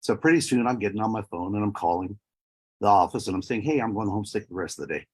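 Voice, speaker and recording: A man's voice: on the low side, quick pace, slightly rough. A man in his thirties or forties giving an emotional personal testimony, his voice breaking at times. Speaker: speaker sharing a personal story.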